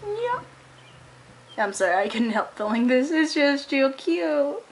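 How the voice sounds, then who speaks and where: Woman, very high voice, slow, soft affectionate cooing, casual home video. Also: very animated, a little hiss or hum. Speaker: pet owner filming her chinchilla.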